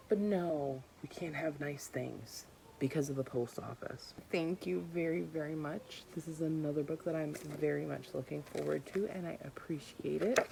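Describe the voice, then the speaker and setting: A woman's voice: low-pitched, creaky, dark tone, slight background noise. A young adult woman from the United States ranting in an exasperated, emphatic way in a casual book vlog at home. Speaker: book vlogger.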